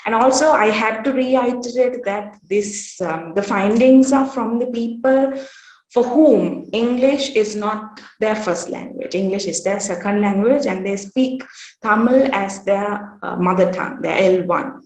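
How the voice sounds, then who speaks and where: A woman giving an academic workshop presentation at a conference. She speaks in a measured way, often pausing on "uh" and "um". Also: medium pitch, a little mellow. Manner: measured, with frequent "uh" pauses. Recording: roomy echo.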